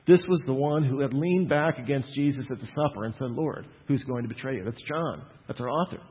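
A man's voice: mid-range voice, a little fast, breathy edge. A man preaching a sermon in a conversational way, asking his listeners questions and acting out the quotes he reads. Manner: conversational, asks the audience questions and acts out quotes. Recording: dull lo-fi sound with long hall reverb.

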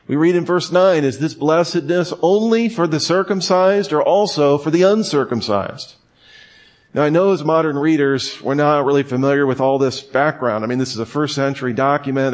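A man preaching a sermon in a conversational way, with joking asides. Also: mid-range voice. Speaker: pastor.

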